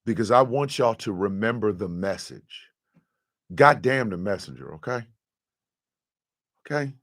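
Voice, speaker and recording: A man with a gravelly, rough-edged voice pours out an emotional monologue to his listeners. His pitch rises and falls in lively swings, cursing freely as he moves between hushed admissions and loud outrage. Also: a little slow. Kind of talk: impassioned monologue.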